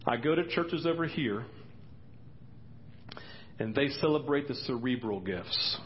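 A man preaching a sermon as pastor in a church, excitable, his voice leaping high when he acts out quotes. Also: measured pace, muffled recording, a little hiss or hum. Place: church sanctuary.

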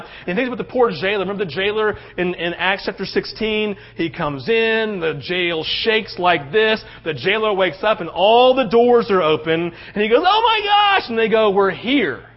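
Man, pastor, sermon, conversational, animated, high voice, muffled lo-fi recording. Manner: conversational, animated, acts out quotes, often asks "right?".

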